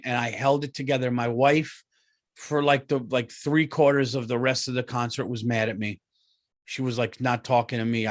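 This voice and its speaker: Profane middle-aged man telling a story. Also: mid-range voice. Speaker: comedian host. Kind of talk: comic storytelling.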